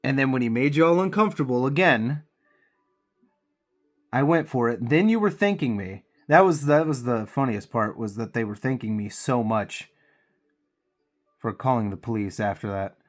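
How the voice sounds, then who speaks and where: A man's voice: mid-range voice, expressive, moderate pace, pauses often, soft background music. A man with a cold, venting heatedly and profanely while he paints miniatures on his channel. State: congested with a cold.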